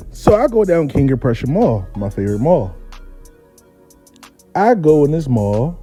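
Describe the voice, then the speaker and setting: Dark-voiced man telling a story. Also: a little high, breathy edge. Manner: profane, animated, laid-back. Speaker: storyteller host. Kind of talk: comic personal anecdote.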